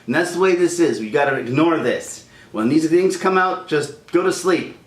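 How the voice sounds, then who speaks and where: A man's voice: on the high side, lively intonation, moderate pace, reverberant. A man hosting a casual ranting chat, heated and rambling, stumbling over restarts. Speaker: YouTube channel host.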